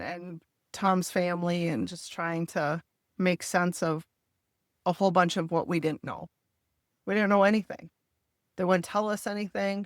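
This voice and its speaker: A woman's voice: on the low side, no room sound, clean studio sound. A middle-aged woman, recounting a family crisis candidly and with feeling, quoting what people said. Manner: emotional, candid retelling with quoted dialogue. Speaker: podcast host telling her story. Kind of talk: personal storytelling in a podcast interview.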